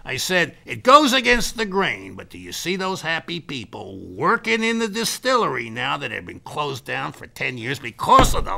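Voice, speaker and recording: A man's voice: on the high side, creaky, bright, forceful tone, full character voice. A man playing a boastful American businessman who calls himself a Scottish laird, talking in brash, self-important salesman bluster. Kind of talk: improvised comedy character monologue.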